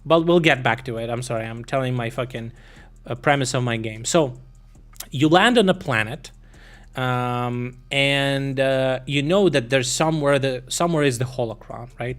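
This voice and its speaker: A man's voice: mid-range voice, moderate pace, fairly bright tone. A man streaming, talking in a casual, meandering way with lots of swearing, fillers and restarts. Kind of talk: rambling casual stream chat.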